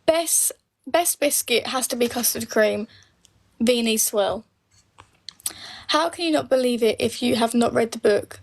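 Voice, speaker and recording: A woman's voice: fairly high pitch, unhurried, creaky, pauses often. Blunt, sweary woman streamer. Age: late 20s. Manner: blunt, opinionated, swears freely. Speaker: live streamer answering viewer comments. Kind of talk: casual live Q&A.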